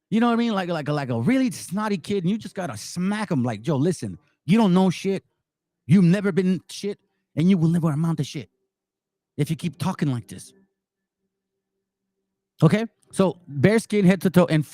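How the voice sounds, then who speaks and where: A man's voice: high voice, darkish tone, no room sound. A man giving heated commentary and reading passages aloud, angry and emphatic, repeating words for stress. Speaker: commentary host.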